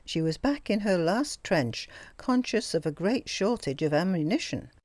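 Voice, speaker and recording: A woman reads a classic novel aloud as an audiobook, her fairly low voice rising and falling with lively expression. The recording is close and dry, with no room sound at all. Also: moderate pace, dry recording. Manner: expressive, storytelling. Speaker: audiobook narrator. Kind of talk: scripted narration.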